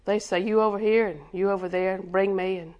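A woman's voice: mid-range voice, steady tone, fairly quick, a little mellow, lo-fi sound. A woman preaching a sermon with rhythmic repetition, quizzing her congregation and chuckling between points.

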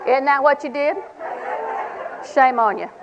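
A woman's voice: sits high, a little slow, muffled recording, crowd noise, noisy background. An older woman preaching a sermon in a folksy, humorous way, acting out little conversations. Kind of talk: sermon to a women's audience.

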